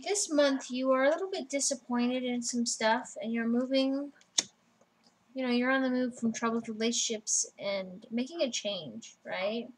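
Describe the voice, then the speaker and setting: A woman's voice: a little high, moderate pace, rough recording. Blunt, casual woman reading tarot. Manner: casual, blunt, swears freely. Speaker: tarot reader.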